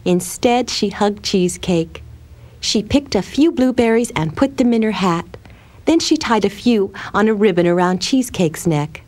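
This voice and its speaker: Expressive woman reading a children's story. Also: medium pitch, moderate pace. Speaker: narrator.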